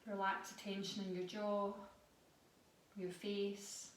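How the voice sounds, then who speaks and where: Woman, yoga instructor, calm guided cues, off-mic in a reverberant room. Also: medium pitch, a little hiss or hum. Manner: calm, slow guiding cues. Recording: echoey room, voice a bit far from mic.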